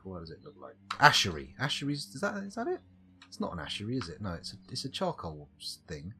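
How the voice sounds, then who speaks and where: A man's voice: medium pitch, huge pitch swings, quick pace. A man rambling through live gameplay commentary, talking to himself with self-mocking asides. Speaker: game streamer.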